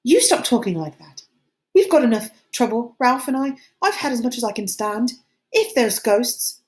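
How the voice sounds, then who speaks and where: A woman voicing an anxious, fussy schoolboy who frets and pleads in a high, squeaky voice, reading an audiobook. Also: very animated, moderate pace, a little mellow.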